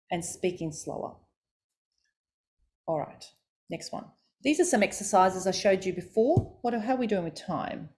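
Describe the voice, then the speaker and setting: Lowish-voiced woman coaching voice. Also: a little mellow. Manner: demonstrative, shows pitch and stress exercises aloud. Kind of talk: voice coaching talk.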